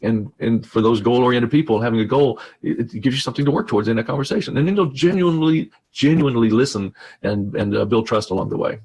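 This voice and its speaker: A man speaks in a husky, medium-pitched voice, presenting a workshop over a video call. He talks conversationally, often repeating a word before carrying on. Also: fast, a little mellow. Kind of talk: webinar presentation.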